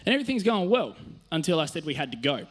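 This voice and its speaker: A man's voice: a little high, big pitch swings, fast. An Australian man, a youth worker, telling stories in a casual sermon on a church stage, chatty and self-mocking, laughing often.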